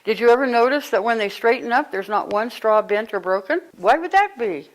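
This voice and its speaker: A woman speaking as a spiritual teacher to a live group, conversational and animated, telling stories and breaking into sudden exclamations. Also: fairly high pitch, a little fast, low-quality recording.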